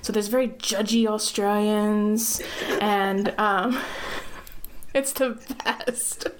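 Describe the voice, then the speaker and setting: A woman's voice: mid-range voice, steady tone, drawn-out words, a little hiss or hum. A woman from the United States, hosting a podcast in a bubbly, gushing way and laughing easily. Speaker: podcast host. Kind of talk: casual interview chat.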